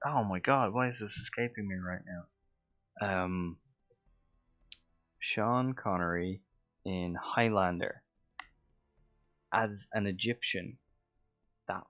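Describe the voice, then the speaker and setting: Irish male streamer, low voice, rambling casual chat, light music bed. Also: fairly bright tone, lo-fi sound. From Ireland. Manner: chatty, rambling, with many fillers. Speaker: game streamer and voice actor. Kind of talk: casual chat while playing a game.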